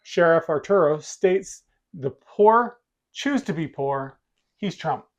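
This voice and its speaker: A man's voice: fairly high pitch, expressive, slow pace. A man co-hosting a podcast, reading out a plot recap with dry asides. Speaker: podcast co-host. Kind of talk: reading plot summary in casual chat.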